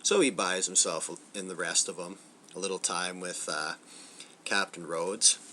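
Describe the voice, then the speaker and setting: A man's voice: low voice, unhurried, sharp tone, slight background noise. A man hosting a casual spoken film review, loose and profane, acting out bits of movie dialogue as he goes. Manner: loose and profane, acts out film lines in snippets. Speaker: movie reviewer, channel host.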